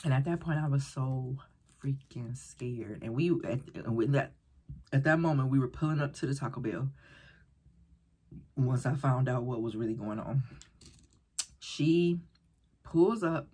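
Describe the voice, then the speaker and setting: A woman vlogger casually telling a story while eating, animated and rambling, acting out the voices of people she quotes. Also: a bass voice, unhurried, pauses often. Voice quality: very breathy, husky.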